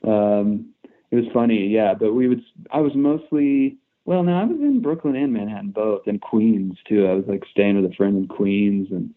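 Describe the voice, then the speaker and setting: Rambling, swearing guest from Kansas. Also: male voice, on the low side, lively intonation, normal speed, phone-quality sound. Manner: rambling, profane, self-deprecating, restarts a lot. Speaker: podcast guest, musician. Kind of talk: casual storytelling chat.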